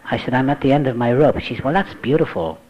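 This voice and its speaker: A man telling his recovery story to a group, acting out the voices he quotes and dropping to a hush at tense moments. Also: mid-range voice, animated, fast, highs cut off, noisy background. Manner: dramatic, acts out quoted voices, drops to hushed tones. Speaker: speaker sharing a recovery story. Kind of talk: personal testimony, storytelling.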